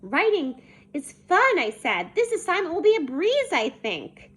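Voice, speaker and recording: Woman doing an excitable little schoolgirl. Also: sits high, normal speed, heavily acted. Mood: gleeful. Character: chirpy, excitable young schoolgirl narrator.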